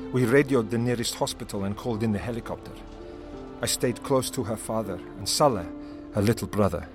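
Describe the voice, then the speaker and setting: A man reading a heartfelt first-person story as scripted narration, with an emotional manner. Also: mid-range voice. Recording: narration over music.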